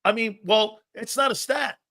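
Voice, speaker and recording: A middle-aged man hosting a sports talk show, telling loud, brash stories and acting out what coaches said. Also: sits high, moderate pace, creaky. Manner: loud, brash storyteller who acts out quotes. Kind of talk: casual sports talk, storytelling.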